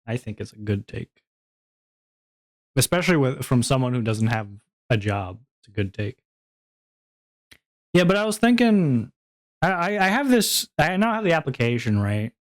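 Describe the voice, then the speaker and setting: A man's voice: mid-range voice, very animated, normal speed, pauses often. A young man chatting casually on a livestream, rambling to his viewers with frequent laughs and swearing. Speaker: VTuber streamer.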